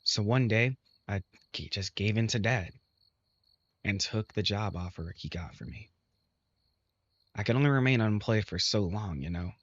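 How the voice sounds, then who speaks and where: A man reads a visual novel aloud in steady first-person narration. His voice is low. The recording is dull and lo-fi, dry with no room echo. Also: normal speed, long pauses. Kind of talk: reading a game aloud.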